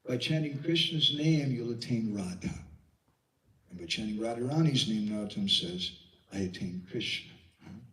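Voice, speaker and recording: A man tells devotional stories to a gathering, animated and keeps asking the room for answers. He sits back from the mic, and the voice rings in a roomy space with a middle pitch. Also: moderate pace. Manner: animated, poses questions to the audience. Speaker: devotional speaker. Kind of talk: storytelling devotional lecture. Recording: echoey room, distant mic.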